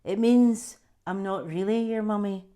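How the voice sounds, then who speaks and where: A gentle Scottish mother, voiced by a woman, speaks softly and soothingly. Her tone stays tender. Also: mid-range voice, unhurried, lightly acted. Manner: soft, soothing. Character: gentle, tearful mother of young children.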